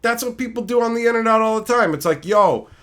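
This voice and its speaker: A man's voice: very high-pitched, quick pace, a bit bright. A man streaming live, ranting casually with lots of swearing, mocking jabs and laughter. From Canada.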